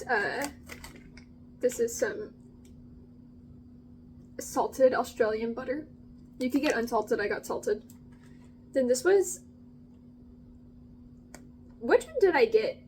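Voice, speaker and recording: A young woman vlogging about food in a casual, gushing, excitable way, with drawn-out exclamations. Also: sits high, a little hiss or hum, poor audio.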